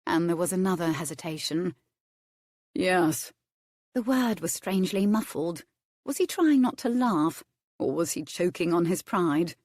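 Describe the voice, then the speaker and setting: Brief: female audiobook narrator, low register, measured, expressive delivery, dry studio sound. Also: no room sound. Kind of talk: scripted romance narration.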